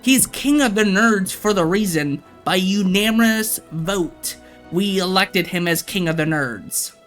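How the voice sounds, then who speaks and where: A man's voice: sits high, a little slow, a bit bright, faint music behind. A man livestreaming, ranting casually and profanely to his chat.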